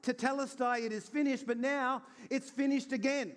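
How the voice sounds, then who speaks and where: Pastor, male, high voice, earnest conversational sermon delivery. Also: steady tone, moderate pace. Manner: earnest, conversational preaching with acted-out asides. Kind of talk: Easter sermon.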